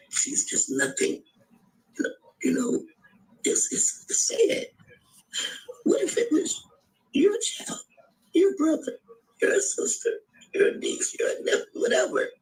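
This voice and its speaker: A grieving middle-aged woman, tearful and halting, pleading in an emotional video appeal. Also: very high-pitched, lively intonation, low-quality recording. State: tearful, voice breaking. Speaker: grieving mother.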